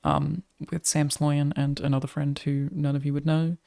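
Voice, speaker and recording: Australian woman streamer with a creaky, gravelly voice; chatty and swears freely. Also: low-pitched, flat delivery, moderate pace, dark tone. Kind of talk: casual chat to a live stream audience.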